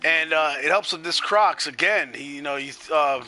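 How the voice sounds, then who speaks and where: A man's voice: fairly high pitch, moderate pace, bright, forceful tone, low-quality recording. A man commentating a video game match in a chatty way, laughing easily.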